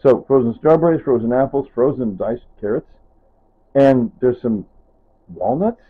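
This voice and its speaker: This kitchen vlogger talks in an unhurried, medium-pitched, slightly rough voice, rambling off topic in casual narration to camera and trailing off with "anyway" and "whatever." Audio is tinny, as if from a phone.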